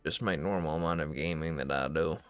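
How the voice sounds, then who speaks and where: A young man streaming games, ranting casually and profanely in a rambling, animated way. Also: rumbling low, fairly quick, clear, resonant tone, faint music behind. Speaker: gaming streamer.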